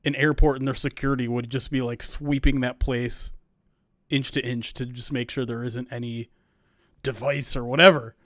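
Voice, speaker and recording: A man co-hosting a sports podcast, chatting casually with halting restarts. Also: medium pitch, flat delivery, a bit bright, no echo, clean studio sound. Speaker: podcast co-host.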